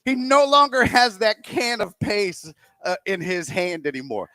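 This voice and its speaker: A male radio co-host with a high voice that leaps up and down, spinning a rambling story and acting out every quote. He sounds close and dry on a studio mic, with no room sound at all. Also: measured pace, no echo. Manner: animated, rambling anecdote told with acted-out quotes. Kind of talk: casual storytelling on sports talk radio.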